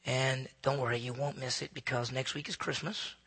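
A male pastor preaching a sermon, dramatic, swinging between loud emphasis and hushed near-whispers. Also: mid-range voice, level tone, moderate pace, husky. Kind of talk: sermon, Bible teaching.

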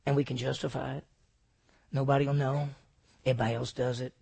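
A man preaching a sermon, emphatic, asking rhetorical questions and swinging between loud and hushed delivery. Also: medium pitch, level tone, quick pace, creaky, breathy edge. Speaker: pastor.

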